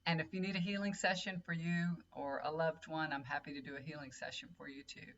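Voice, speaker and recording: A woman's voice: low voice, level tone, a little fast, a bit bright. A middle-aged woman, a tarot reader and healer rambling in casual chat straight to her viewers. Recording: dull lo-fi audio with faint hum.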